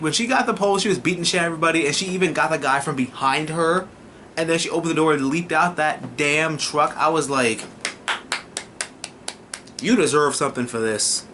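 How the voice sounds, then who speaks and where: A young man casually reviewing a TV episode, excitable and profane, often slipping into mocking voices. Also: on the high side, a little hiss or hum. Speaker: TV review vlogger.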